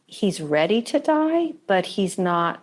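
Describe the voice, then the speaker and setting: A woman religious scholar speaking as a guest, thoughtful and halting as she searches for words. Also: mid-range voice, big pitch swings. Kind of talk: reflective conversation.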